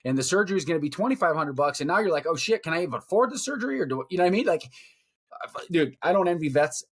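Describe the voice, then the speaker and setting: A man's voice: a little high, lively intonation, rapid-fire, breathy edge. Blunt, profane man ranting. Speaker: podcast co-host. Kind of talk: casual rant.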